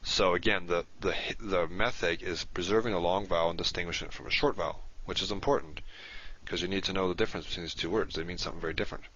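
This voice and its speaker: Low-voiced man giving a patient lesson. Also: fairly even intonation, fast talker, fairly bright tone. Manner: patient, explanatory, repeats key terms. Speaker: Hebrew teacher. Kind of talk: recorded lecture. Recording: dull lo-fi recording.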